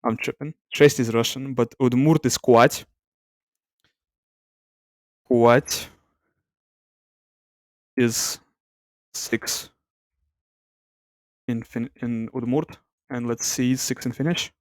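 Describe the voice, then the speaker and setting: A man hosting an ASMR language comparison, speaking softly, thinking aloud and correcting himself as he goes. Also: mid-range voice, steady tone, very slow, pauses often, dry recording, clean studio sound. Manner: soft-spoken, reluctant to talk aloud. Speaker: language video host.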